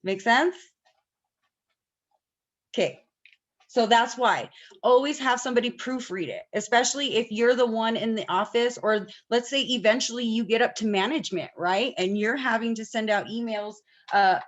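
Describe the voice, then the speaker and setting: A woman's voice: fairly high pitch, normal speed, highs cut off. A woman teaching an online class, talking casually and often checking that students follow. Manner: chatty, asks the class questions often.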